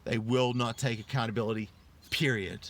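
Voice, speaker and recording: A man in his thirties with an Australian accent, hosting a live stream. He retells stories with rising excitement, greets viewers in chat, and swears freely. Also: fairly quick. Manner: animated storyteller, swears freely, voice rises high when excited. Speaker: online show host.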